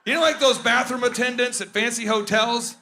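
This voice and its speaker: A man hosting a conference, joking and rambling in animated comedic stage banter. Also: extremely high pitch, fairly quick, a little hiss or hum. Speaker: conference host.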